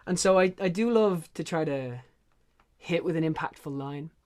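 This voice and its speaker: An Irish man, a songwriter guest, casually and effusively introducing his song with animated storytelling. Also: on the high side, normal speed. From Ireland.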